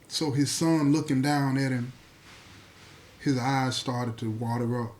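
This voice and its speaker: A man telling a dramatic true story to his listeners, speaking slowly with deliberate pauses and addressing them directly. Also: medium pitch, fairly even intonation, a little mellow. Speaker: storyteller host.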